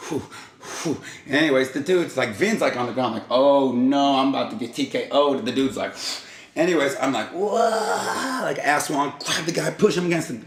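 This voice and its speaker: A man's voice: medium pitch, fairly bright tone, reverberant. A man hosting his own vlog, casually telling a rambling story and acting out quotes and sound effects. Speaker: vlog host.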